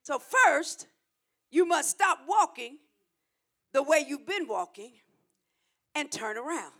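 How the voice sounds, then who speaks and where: A woman's voice: high voice, big pitch swings, slow pace, a bit bright. A woman preaching a sermon, emphatic and repetitive, calling the congregation to answer back.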